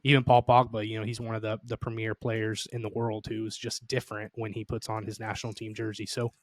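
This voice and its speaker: A man co-hosting a podcast, chatting about a tournament in a measured, conversational way. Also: fairly low pitch, little pitch movement, no room sound. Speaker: podcast co-host. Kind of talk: casual soccer analysis chat.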